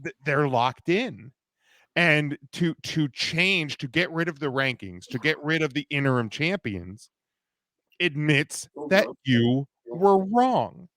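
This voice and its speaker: A man's voice: a little high, animated, slow pace, fairly bright tone, no echo. Male podcast co-host, dry close sound, opinionated rambler who restarts a lot. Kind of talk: casual wrestling podcast chat.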